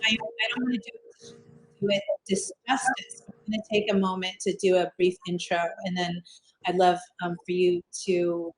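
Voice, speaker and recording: A woman's voice: lowish voice, level tone, normal speed, slight background noise, low-quality recording. A woman hosting a casual interview over a video call, chatty and upbeat, talking her plans aloud and repeating herself as she goes. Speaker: host.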